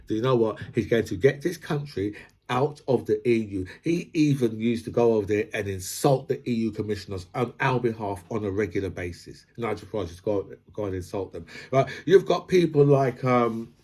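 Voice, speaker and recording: Husky man ranting. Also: mid-range voice, a little mellow. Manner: rambling, peppers talk with "right?" and "you know"; builds points through analogies. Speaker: host. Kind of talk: casual commentary vlog.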